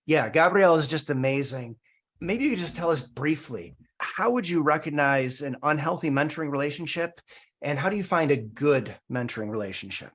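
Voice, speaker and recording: A man's voice: fairly high pitch, expressive, fairly quick, a bit bright. A man interviewing a guest, effusive and full of praise. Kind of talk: interview questions.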